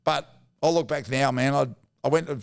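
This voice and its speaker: Gravelly Australian bloke spinning yarns. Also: male voice, medium pitch, steady tone, normal speed. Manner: blunt, laddish yarn-telling with slang and swearing. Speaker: guest, former rugby league player. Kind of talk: casual storytelling interview.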